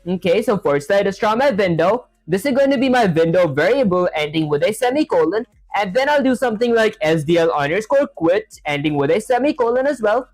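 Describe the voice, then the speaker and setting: A man's voice: sits high, animated, fairly quick, hardly any pauses, dry recording, soft background music. Chatty male live-streamer, dry sound. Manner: thinks aloud, says "honestly" and "that said" often, filler-heavy; reads viewer chat aloud and answers it. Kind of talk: casual live-stream chat while coding.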